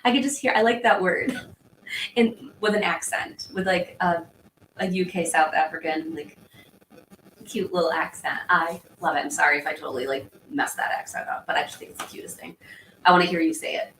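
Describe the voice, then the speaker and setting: A woman in her thirties chats loosely with her viewers and wanders from one tangent to the next. Her voice sits on the lower side. It is recorded in an echoey room with a faint hum in the background. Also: fairly even intonation, moderate pace, a bit bright. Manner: chatty, rambling, reads out and answers viewer comments. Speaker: livestream host. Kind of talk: casual livestream chat.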